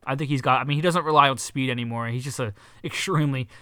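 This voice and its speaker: A man co-hosting a casual sports podcast, talking excitedly with lots of swearing and restarts. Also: medium pitch, fast, smooth, no echo. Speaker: podcast co-host.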